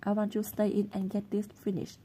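A woman's voice: medium pitch, completely flat delivery, a little fast, dark tone, breathy edge, lightly acted. A woman reading the part of a sullen, defiant schoolgirl in a storybook, in an offhand manner.

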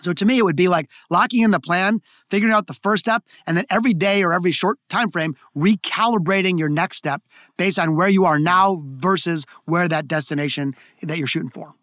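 A man with a high voice tells his stories in a rush, tripping over restarts and repeating words as he goes. The sound is dry and close, with no room in it. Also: a little fast, a bit bright, no echo. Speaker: guest, keynote speaker. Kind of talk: conversational interview storytelling.

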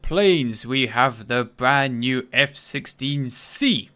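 A man's voice: mid-range voice, lively intonation, takes it slowly, bright, forceful tone. A man streaming a game, giving casual, joking commentary that is irreverent and profane.

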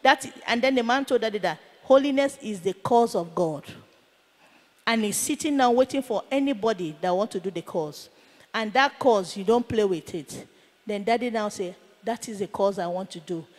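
Woman minister, high voice, sermon storytelling with acted quotes, long hall reverb. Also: animated, moderate pace, a little mellow. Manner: retells a confrontation, voicing each speaker in turn.

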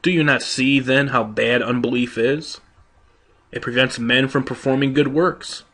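A man's voice: mid-range voice, steady tone, a little slow, fairly bright tone. A man reading a sermon aloud in an emphatic, rhetorical manner, building long lists and voicing quoted speakers. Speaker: preacher.

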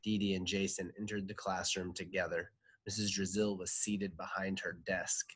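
A man, a teacher, reading a children's storybook aloud in a playful, animated way. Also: sits low, moderate pace, slightly rough, dry recording.

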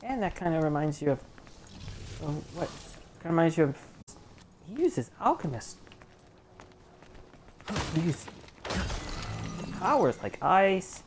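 A male gamer commenting on his play in slow, drawn-out phrases, swearing freely and venting his frustration with the game. He stays chatty and informal throughout. The game's audio is loud under his voice. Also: a little high, sing-song, slight background noise. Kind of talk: live gameplay commentary.

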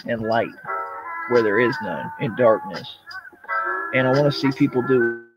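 A man on a livestream, confronting his viewers with a steady stream of profanity. His voice sits in a middle register, and the audio is dull and lo-fi. Loud music plays throughout. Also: medium pitch, unhurried. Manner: profane, confrontational, addresses the audience directly. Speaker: livestreamer addressing chat. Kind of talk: casual livestream rant.

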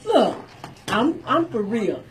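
A woman's voice: a little high, very animated, takes it slowly, a little hiss or hum, low-quality recording. A woman hosting a radio show in casual banter, cheerful and exclaiming, with frequent laughter. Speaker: radio host. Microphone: studio microphone.

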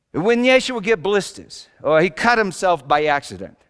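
A man's voice: sits high, fairly bright tone, smooth, heavily acted. A man voicing Joseph as a fond, folksy carpenter father, telling his story in a homespun first-person sermon in a church. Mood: animated, wry. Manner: homespun storyteller with loose grammar and chuckles. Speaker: pastor. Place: church sanctuary. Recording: long echo of a church hall.

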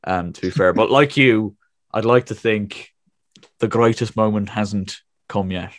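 A man's voice: lowish voice, unhurried, dry recording. A 21-year-old man co-hosting a casual podcast, laid-back, swearing freely and laughing often. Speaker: podcast co-host.

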